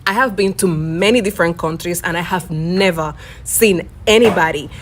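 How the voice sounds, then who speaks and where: A woman tells stories in a relaxed, chatty way and slips Jamaican Patois into her English. Her voice sits a little low. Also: normal speed, a little hiss or hum. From Cuba. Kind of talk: casual storytelling.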